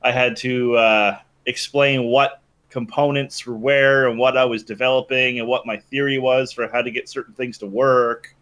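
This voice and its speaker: Chatty man, rambling guest storyteller, average pitch. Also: moderate pace, few pauses, lo-fi sound. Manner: animated, rambling storyteller with restarts. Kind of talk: casual chat.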